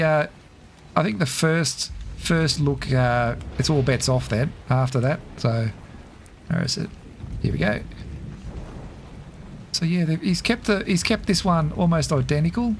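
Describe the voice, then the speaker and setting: A middle-aged man, casually commentating a game on a live stream, chatty and quick to laugh as he thinks aloud. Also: a little high, vocal fry, a little hiss or hum.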